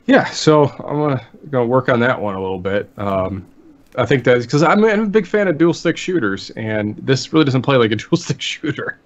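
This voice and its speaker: A man in easy, rambling conversation as a co-host, his sentences drifting and restarting. His voice sits at an ordinary middle pitch. The sound is a bit dull and lo-fi. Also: normal speed. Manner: relaxed, rambling, trails off mid-sentence. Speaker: podcast co-host. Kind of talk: casual chat.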